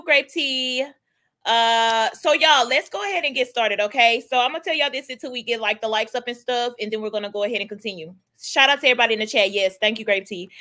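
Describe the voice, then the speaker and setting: Young woman livestream host, high bright voice, gossipy and animated. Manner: chatty, animated, greets chat viewers by name. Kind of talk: casual gossip chat.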